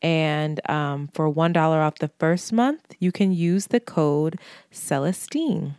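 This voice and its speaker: A woman co-hosting a podcast, chatting casually, frank and giggly and quick to swear. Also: low voice, darkish tone, clean tone, no echo, clean studio sound. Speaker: podcast co-host. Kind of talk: casual chat.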